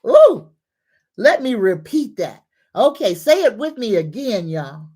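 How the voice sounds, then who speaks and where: Slow-talking woman psychic livestream host. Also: medium pitch, big pitch swings, husky. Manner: greets viewers warmly, leads slow repeated affirmations. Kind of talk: casual livestream chat reading comments.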